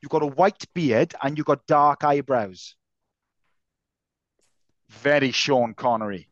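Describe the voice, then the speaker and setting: A man co-hosts a podcast, chatting casually, teasing his co-host, and swearing now and then. He speaks slowly at a medium pitch with no echo, and the recording has a slightly dull lo-fi sound.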